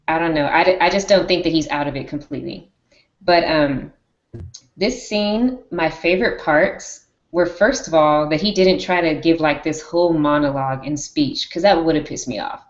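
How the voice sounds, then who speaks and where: A woman hosting a casual live-stream discussion on a video call, animated and acting out lines. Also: low-pitched, moderate pace, roomy sound, dull audio. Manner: animated, acts out characters' lines. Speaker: show host.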